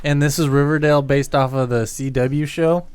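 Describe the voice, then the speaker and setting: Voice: mid-range voice, fairly even intonation, normal speed, darkish tone, smooth. Chatty podcast co-host. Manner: brief interjections, laughs. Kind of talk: casual chat.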